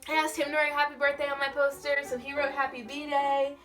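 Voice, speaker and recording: A young woman vlogger telling a story in a gushing, excitable way, full of "like". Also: high voice, brisk, recorded from a distance, soft background music. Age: young adult. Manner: gushing, excitable, heavy use of "like". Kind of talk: casual storytelling.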